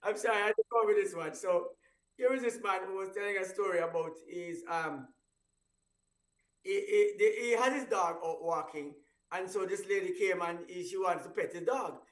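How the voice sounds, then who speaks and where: High-voiced man rambling on breakfast radio. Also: normal speed. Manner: rambling, stumbling restarts, laughing at own story. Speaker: radio show host. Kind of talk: casual radio chat. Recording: roomy echo, voice far from mic.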